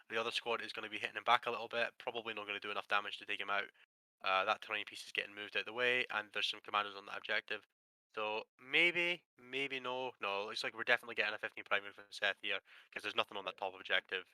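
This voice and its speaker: A Scottish man calls a tabletop wargame live in a joking, teasing way. His voice is very bright and crisp. The sound is dry and close, with no room echo. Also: lowish voice, fairly even intonation, fast talker. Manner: joking, laughing, teasing banter. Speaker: tabletop game commentator. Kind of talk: casual live game commentary.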